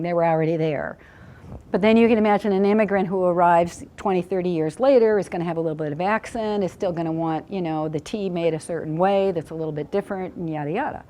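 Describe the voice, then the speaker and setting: Low, mellow-voiced woman lecturing. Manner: conversational, explains ideas with everyday analogies. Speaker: medical researcher giving a lecture. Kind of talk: academic lecture.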